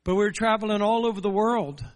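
A man's voice: sits high, steady tone, quick pace, in a large hall. A man preaching a sermon in a church, earnest and building through repeated rhetorical questions. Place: church sanctuary.

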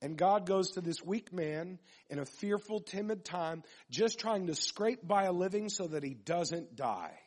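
A man's voice: high-pitched, expressive, unhurried, few pauses, darkish tone. A man preaching a sermon, reading scripture aloud and then building his points with repetition and questions to the congregation.

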